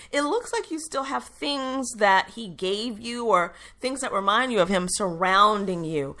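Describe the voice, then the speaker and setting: Bright-voiced chatty woman radio host. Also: medium pitch. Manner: chatty, upbeat, frequent fillers and self-corrections. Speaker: radio show host and intuitive reader. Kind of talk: casual solo radio talk.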